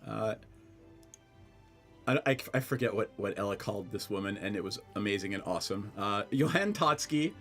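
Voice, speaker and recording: A man's voice: on the low side, lively intonation, normal speed, a bit bright, soft background music. A young man from Scranton running a tabletop game as game master, chatty and easygoing, often laughing and trailing off into fillers. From Scranton, Pennsylvania.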